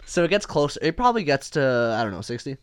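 Man, mid-range voice, dry close mic, animated storyteller for casual talk. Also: medium pitch, fast talker, smooth, dry recording. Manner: animated storyteller, acts out quotes. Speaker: hunter telling a trip story. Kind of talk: casual chat.

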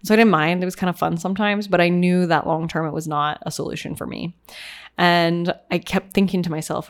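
A woman's voice: on the low side, fairly even intonation, fairly quick. A young adult woman from Canada, casually telling a personal story to her viewers, candid and rambling, laughing at herself. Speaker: vlogger sharing personal story.

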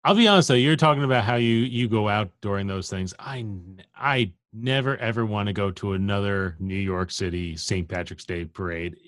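A man co-hosting a podcast, talking casually in a measured, laid-back way. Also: lowish voice, fairly bright tone, no room sound, studio quality. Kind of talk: casual conversation.

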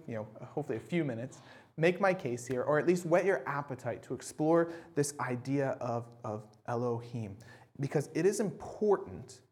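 Young male pastor, high voice, chatty sermon delivery with lots of asides. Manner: chatty, self-deprecating, many fillers and asides. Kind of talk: casual sermon.

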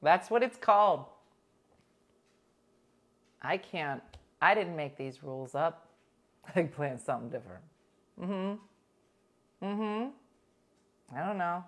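A middle-aged woman hosting a radio show, chatting casually and telling animated stories. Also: lowish voice, takes it slowly, long pauses. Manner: animated storytelling, imitates voices in anecdotes. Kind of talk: casual chat.

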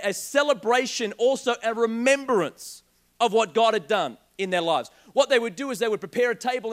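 A young man preaching a sermon, telling a joking personal story in an animated way. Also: very high-pitched. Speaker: pastor.

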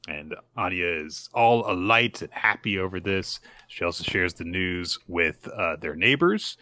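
A man co-hosting a podcast, recapping manga chapters in casual chat, who often jumps into a high voice to act out characters' lines. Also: animated, measured pace, few pauses, pushed and bright, dry recording. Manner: restarts and fillers. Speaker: podcast co-host.

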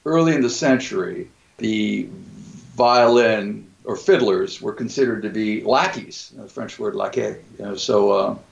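A man's voice: lowish voice, measured pace, creaky. A man in a scholarly discussion, talking thoughtfully and discursively with some hesitation. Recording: dull lo-fi sound.

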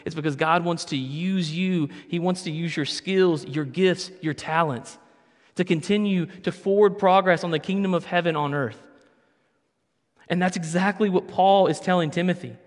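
A man with a high-pitched voice preaches a sermon as pastor at a moderate pace in a church sanctuary. His style is conversational with playful asides, and the recording carries the long reverb of a church hall.

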